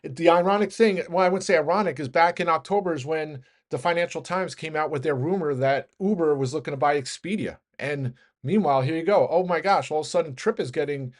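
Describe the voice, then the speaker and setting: A man giving a quick, rambling daily stock market rundown, talking fast and often correcting himself. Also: on the high side. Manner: rapid, rambling, self-correcting.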